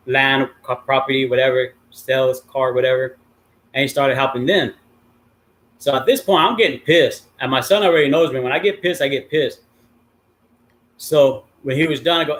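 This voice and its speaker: A man's voice: medium pitch, a bit bright. A middle-aged man telling a long story in a casual, rambling way, swearing freely and filling gaps with many ums and uhs. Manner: profane, rambling with many fillers. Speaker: livestream host.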